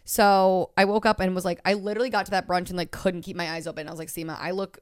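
A woman's voice: lowish voice, fast talker. A young woman co-hosting a podcast, telling stories in casual chat with lots of "like". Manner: chatty, animated storytelling with frequent "like". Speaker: podcast co-host.

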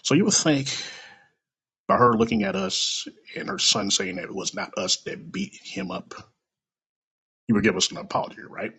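A man tells a story from his own life with a rough, gravelly and husky voice. His pitch rises and falls in lively swings. He speaks bluntly, swears freely and puts raw emotion into the telling. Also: moderate pace, pauses often. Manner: blunt, profane, emotional retelling. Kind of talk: personal story told aloud.

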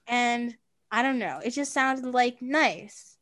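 Teenage girl, casual podcast chat, reassuring manner, a bit high-pitched. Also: slow pace, a bit bright. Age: teens. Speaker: podcast co-host.

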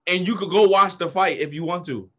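A man's voice: high voice, brisk. Blunt New York man in casual chat. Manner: blunt, profane, animated storytelling.

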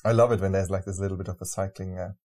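A man with a hosts a podcast in a mellow, lowish voice. He is chatty and playful, dropping in quick agreeing remarks. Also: steady tone. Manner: chatty, playful, short backchannels. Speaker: podcast host. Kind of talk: casual podcast chat.

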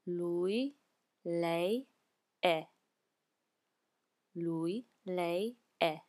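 A woman's voice: on the low side, drawn-out words, darkish tone. A woman teaching a language lesson, explaining patiently and repeating each phrase twice. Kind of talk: slow spoken language lesson.

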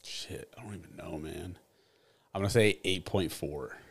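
A male podcast co-host with a very low, deep voice. He talks in an easygoing, slangy way and sometimes gropes for the right word in relaxed conversation. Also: moderate pace, gravelly, breathy edge. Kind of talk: casual podcast chat.

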